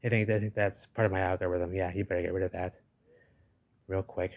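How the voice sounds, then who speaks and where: A man's voice: low-pitched, level tone, a little fast, a little mellow. A man narrating over pictures in a rambling way, often tacking on "baby" and "give me a break," and he says he is losing his voice. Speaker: video host.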